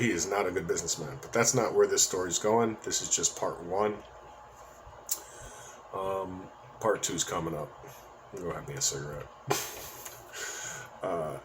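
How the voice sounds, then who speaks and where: A man's voice: sits low, normal speed, pauses often, slight background noise. A man telling a story from his own life in a casual, rambling monologue, with profanity and joking asides.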